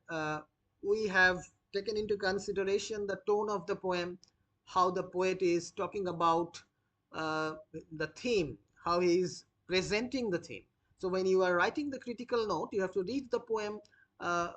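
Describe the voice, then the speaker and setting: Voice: medium pitch, moderate pace, a bit bright. A teacher dictating notes for a literature lesson, repeating each phrase and spelling out words letter by letter. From India. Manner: frequent "uh" fillers when explaining.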